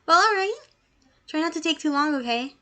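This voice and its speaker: A woman doing a bright, cheerful schoolgirl club president. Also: high-pitched, lively intonation, fairly quick, voice pushed up. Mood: chirpy.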